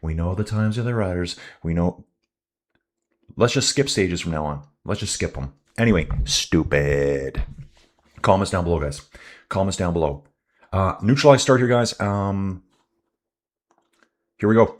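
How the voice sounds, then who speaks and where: Deep-voiced man ranting on a live stream. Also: expressive, moderate pace, long pauses. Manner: chatty, ranting, addresses viewers as dudes. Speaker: live race commentator and channel host. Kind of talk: casual live-stream commentary.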